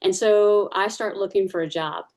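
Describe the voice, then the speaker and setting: A woman's voice: medium pitch, normal speed, darkish tone. A woman giving a personal testimony in church, telling her story casually, with many fillers and restarts.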